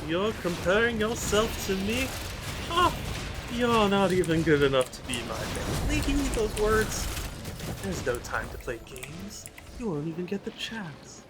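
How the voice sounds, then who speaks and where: A man voicing a brooding, gruff young male hedgehog rival, delivering his lines coldly and tauntingly over a noisy stream recording. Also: high-pitched, very animated, unhurried, pitched above the performer's own voice.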